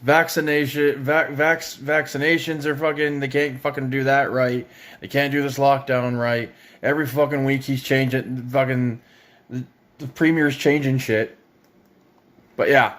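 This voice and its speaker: Ontario man, young, mid-pitched, sarcastic and profane, angry rant. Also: flat delivery, a little slow, fairly bright tone. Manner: angry, sarcastic, swears heavily. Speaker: parent ranting on video.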